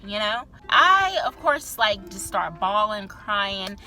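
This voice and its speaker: Bright-voiced young woman telling a story. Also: medium pitch, very animated, slow pace, soft background music. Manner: chatty, filler-heavy, swears freely. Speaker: vlogger. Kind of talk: candid storytime vlog.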